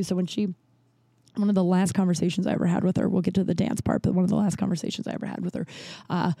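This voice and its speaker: A woman's voice: medium pitch, dark tone, no room sound. A woman hosting a podcast, telling stories in a casual, chatty way, swearing freely and acting out the people she quotes. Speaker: podcast host. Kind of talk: casual storytelling monologue.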